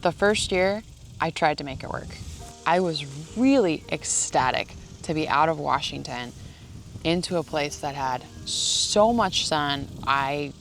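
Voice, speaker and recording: A woman's voice: low voice, lively intonation, a little slow, soft background music. A woman vlogging outdoors in the shade, ranting in a sarcastic, joking way. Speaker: ranch vlogger. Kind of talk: casual vlog monologue.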